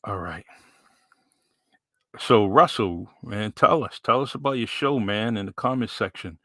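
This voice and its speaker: A man with a New England accent hosting a podcast in a relaxed, rambling way with many fillers. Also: on the low side, a little slow, no echo. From New Bedford, Massachusetts. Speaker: podcast host. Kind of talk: casual live-stream chat.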